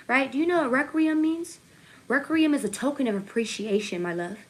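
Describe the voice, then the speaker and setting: A woman's voice: high-pitched, fairly quick. A young woman giving a casual tarot reading to her viewers. She jokes, swears, laughs at herself and keeps checking in with "okay?" and "right?". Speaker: tarot reader.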